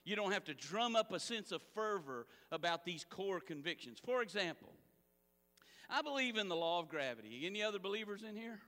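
A man preaches with a high, bright voice that swings widely in pitch, calling out to his congregation for a response. His sermon rings through a church sanctuary with a long reverb tail. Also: fairly quick. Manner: animated preaching with audience call-outs. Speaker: pastor.

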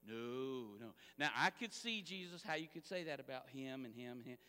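A man preaches with a high, bright voice that swings widely in pitch, calling out to his congregation for a response. His sermon rings through a church sanctuary with a long reverb tail. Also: fairly quick, few pauses, smooth. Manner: animated preaching with audience call-outs. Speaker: pastor.

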